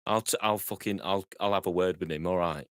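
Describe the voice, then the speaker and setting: A man's voice: sits low, fairly quick, smooth, dry recording, clean studio sound, lightly acted. A man doing a comedy impression of a grumpy, swearing Northern English actor with a Northern accent. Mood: sweary. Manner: grumbling, sweary, cheeky.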